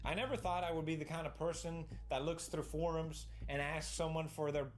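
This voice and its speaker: Exasperated, animated man ranting. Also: a little high, fairly quick, faint music behind. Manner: animated and exasperated, breaks into shouting rants. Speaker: tech vlogger building a PC rig. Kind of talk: energetic comedic vlog rant.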